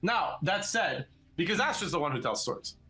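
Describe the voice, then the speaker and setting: A man's voice: sits high, lively intonation, fairly quick, pushed and bright. A young man co-hosting a live stream, chatting casually and rambling with many fillers and restarts. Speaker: co-host of a live interactive show.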